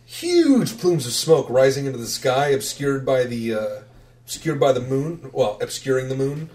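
A man narrating as game master around a gaming table, his pitch rising and falling a lot as he paints each scene. He swears freely and breaks into laughter easily. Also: sing-song, moderate pace, darkish tone.

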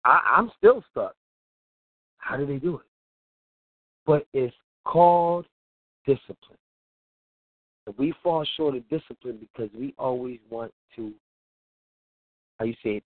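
A man's voice: medium pitch, measured pace, long pauses, dry recording. A man hosting a radio show, giving casual, preachy talk in a colloquial manner and laughing often. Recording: tinny phone-like line, dry.

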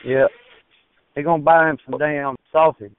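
A man's voice: on the high side, fairly even intonation, normal speed, smooth. A man ribbing a caller with crude, mocking jabs. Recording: phone-like lo-fi line.

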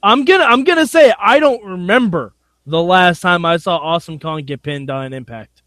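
A man co-hosting a wrestling podcast, excitable and goofy, laughing often. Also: high voice, normal speed, no echo. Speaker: podcast co-host. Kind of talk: casual podcast chat.

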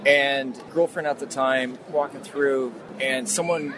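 A man's voice: mid-range voice, moderate pace, hardly any pauses. A man casually telling an anecdote at a convention, acting out what people said. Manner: animated, acts out quotes. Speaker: convention interviewee. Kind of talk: casual storytelling. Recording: noisy street background.

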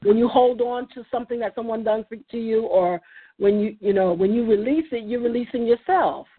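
A woman's voice: on the high side, a little fast, husky. A woman leading a faith roundtable, talking earnestly with many restarts and fillers over a phone call. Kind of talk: casual faith discussion. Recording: tinny phone line.

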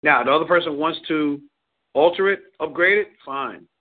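A man's voice: on the high side, normal speed. Rambling man on a tinny phone line. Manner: rambling, repeats words, laughs often. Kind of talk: casual advice chat.

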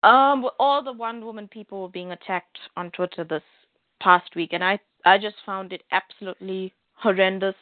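A woman's voice: mid-range voice, normal speed, no echo. Frank, rambling woman on a phone line. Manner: rambling, frank, many fillers. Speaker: podcast co-host. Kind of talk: casual chat about comics. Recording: dry, tinny phone-like line.

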